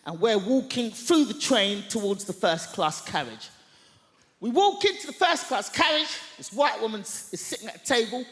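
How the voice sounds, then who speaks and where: A woman doing stand-up comedy, telling a story in an animated, mock-outraged way on a large theatre stage. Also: fairly high pitch, normal speed. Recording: echoey hall, long reverb.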